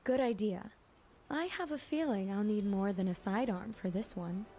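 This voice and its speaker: A woman's voice: mid-range voice, moderate pace, dark tone, faint music behind, lightly acted. A woman playing a confident, dry-witted female warrior in a fan audio drama. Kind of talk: audio drama acting and narration.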